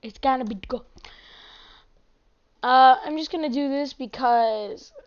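A woman with a high, bright voice rambles through casual gameplay commentary, chatty and excitable, breaking into sudden exclamations. The recording sounds dull and lo-fi, like a cheap home mic. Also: measured pace, clear, resonant tone. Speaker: gaming channel host.

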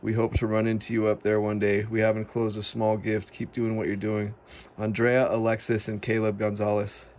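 A man's voice: lowish voice, monotone, moderate pace, darkish tone, a little hiss or hum. A man vlogging as he opens gifts from viewers, emotional and stammering, repeating his words as he reads a card aloud. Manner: emotional, voice breaking with gratitude. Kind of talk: casual to-camera vlog.

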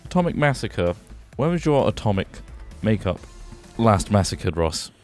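A British man with a low voice that swings widely in pitch, firing back sarcastic remarks during a gaming session. Game music plays softly behind him. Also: very animated, moderate pace. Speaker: gaming video host. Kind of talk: casual gaming banter.

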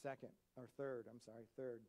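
A man preaching a sermon as pastor in a church, animated, swinging between loud emphatic bursts and quiet asides. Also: medium pitch, a little fast, slight background noise.

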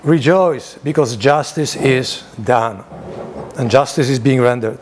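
A priest leading a Bible study in a church, reading scripture aloud in a lifted voice and then explaining it in plain, conversational asides with rhetorical questions. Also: male voice, mid-range voice, unhurried, slight background noise.

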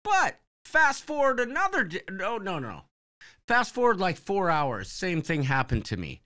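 A man tells a rambling story on a live show. His voice is bright, smooth and clear. He swings his pitch widely as he acts out what others said. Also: a little slow. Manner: rambling, animated storyteller who acts out quotes. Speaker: podcast co-host. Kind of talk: casual live-stream storytelling.

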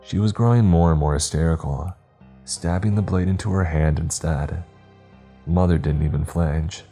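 A man's voice: sits low, moderate pace, mellow, breathy edge, soft background music. A man reading a horror story aloud as narrator, voicing each character himself. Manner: voices every character in dialogue.

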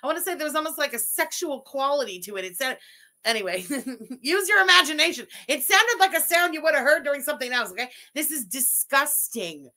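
A woman's voice: high-pitched, big pitch swings, brisk, sharp tone. A woman hosting a live stream, reacting to a video with profane, mocking and heated commentary and reading out viewer messages. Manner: reads out super chats.

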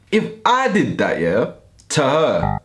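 A man's voice: medium pitch, huge pitch swings, takes it slowly, creaky. A young man telling a storytime vlog in heavy slang, acting out the voices in his story. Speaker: YouTuber.

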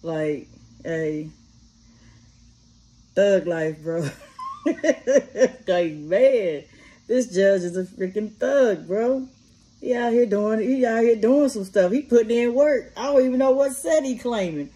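Resting after her shift, a party-bus-driving vlogger riffs profanely on a news story, laughing often and mimicking gunfire with animated energy. She speaks slowly in a mid-range voice, leaving long pauses.

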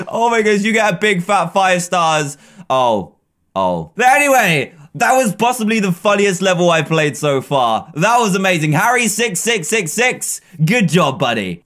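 A man giving excitable gameplay commentary, laughing often and bursting into shouts as he plays. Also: fairly high pitch. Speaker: gaming commentator.

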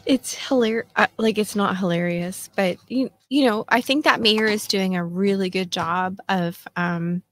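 A woman's voice: mid-range voice, a little slow, few pauses. A woman in her fifties hosting a casual solo podcast chat, talking in a chatty, self-mocking way with lots of fillers. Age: 50s. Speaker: podcast host.

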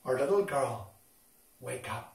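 A man voicing a calm, gentle healer in a Bible story told to schoolchildren. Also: mid-range voice, a little slow, gravelly, pitched below the performer's own voice. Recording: echoey hall from far off.

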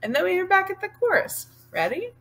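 A woman's voice: very high-pitched, wildly swooping pitch, a bit bright. A woman patiently teaching sign language one sign at a time, talking through each hand movement. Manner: patient, explaining each sign slowly and then singing the line. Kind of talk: step-by-step sign language lesson with sung lines.

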